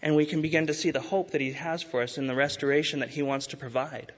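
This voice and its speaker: A man's voice: a little high, fairly even intonation. Earnest man preaching in a reverberant hall. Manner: earnest, urging, with emphatic rises and slow stresses. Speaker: pastor. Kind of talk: sermon. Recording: dull sound with long hall reverb.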